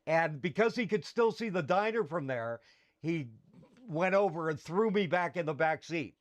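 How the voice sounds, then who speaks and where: Candid middle-aged man, higher pitch. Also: expressive, normal speed. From Canada. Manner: candid, rambling with fillers and restarts. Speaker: podcast host. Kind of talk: personal storytelling.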